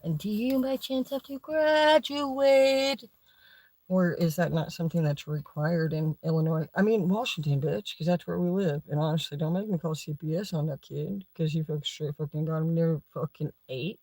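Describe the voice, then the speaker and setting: Brief: husky-voiced woman, sarcastic profane livestream rant, dry close mic. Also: deep voice, steady tone, fairly quick, hardly any pauses, warm tone, dry recording, low-quality recording. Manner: foul-mouthed, sarcastic, combative. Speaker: livestream host.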